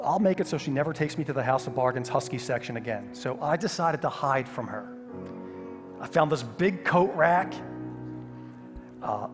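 Male pastor, lively comic storytelling sermon, reverberant hall, faint music behind. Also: mid-range voice. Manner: animated, humorous storytelling with sudden loud outbursts.

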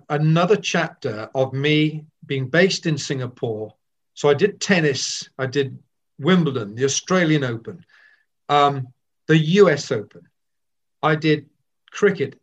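An older man, a veteran sports broadcaster, telling self-deprecating stories in an interview. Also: fairly high pitch. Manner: anecdotal and self-deprecating, with frequent restarts. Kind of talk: reflective interview storytelling. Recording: slightly dull lo-fi sound.

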